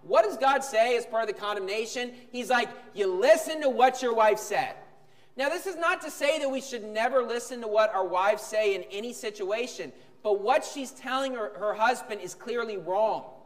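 A man preaching a sermon, emphatic, jumping from sudden shouts to quiet calm. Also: extremely high pitch, moderate pace, few pauses. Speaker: pastor. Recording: long hall reverb.

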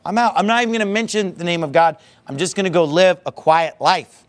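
Guy doing an exasperated prophet, fed up and done, pleading loud and way up high. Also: a little fast, natural voice. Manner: raised, pleading outbursts.

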